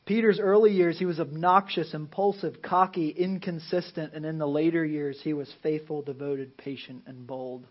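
Pastor, male, slightly high voice, preaching a casual sermon that sinks to near whispers, dull lo-fi sound. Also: fairly even intonation, normal speed, few pauses. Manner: conversational preaching, dropping to a hush for emphasis; acts out Bible scenes in playful character voices.

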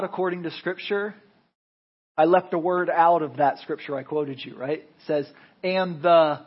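Husky-voiced American pastor preaching. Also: male voice, high voice, highs cut off. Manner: conversational preaching with frequent "right?" tags. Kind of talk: sermon.

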